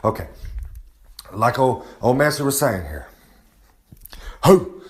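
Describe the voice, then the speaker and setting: A brash man cuts a wrestling-style promo, bragging and rambling as he refers to himself in the third person. He gets heated easily and swears freely, with a middle-pitched voice, speaking outdoors. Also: big pitch swings, unhurried. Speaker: recurring segment presenter. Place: outdoors on a humid day.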